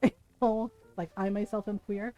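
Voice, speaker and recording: A woman's voice: medium pitch, fairly even intonation, moderate pace, mellow, lo-fi sound. A woman streaming from home, chatting casually as she tells a story, often asking "right?" and laughing as she goes. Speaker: streamer and mother. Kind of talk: casual storytelling chat while streaming a game. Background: faint game music.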